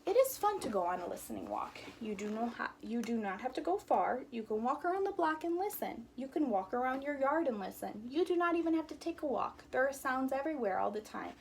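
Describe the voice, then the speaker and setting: A woman's voice: high voice, big pitch swings, fairly quick, creaky, hardly any pauses, a little hiss or hum. A woman teacher reading a picture book aloud to children, acting out the sound words playfully. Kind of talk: storybook read-aloud with sound effects.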